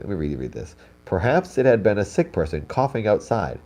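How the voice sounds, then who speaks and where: Young guy with a super low dark voice, stuffy nose, reading spooky stories and chatting in between. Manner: reads stories aloud, breaks off with casual comments. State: congested. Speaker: host reading viewer stories. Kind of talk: live stream reading aloud with asides.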